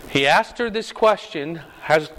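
A slightly higher-voiced man leads a Bible study in an easy, conversational way. He keeps checking in with the class through rhetorical questions. His voice rings out with a long reverb, as in a large hall. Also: expressive, unhurried, fairly bright tone, a little hiss or hum. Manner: conversational, frequent rhetorical "right?".

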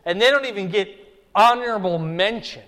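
A man's voice: sits high, normal speed, fairly bright tone. A man preaching an expository Bible sermon, conversational and emphatic, pushing his voice up for stress. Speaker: pastor. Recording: long hall reverb.

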